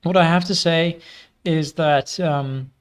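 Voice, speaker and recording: Male gaming host, slightly high voice, worn out, casual self-mocking commentary. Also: steady tone, slow, slight background noise. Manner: self-mocking, rambling with restarts. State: tired voice. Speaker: gaming video creator.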